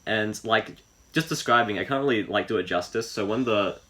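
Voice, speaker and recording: A man chats loosely as a podcast co-host, his voice pitched a touch low yet bright and forceful. He wanders through his points, restarting sentences and leaning on fillers. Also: fairly quick. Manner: rambling, filler-heavy, restarts thoughts. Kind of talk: casual chat.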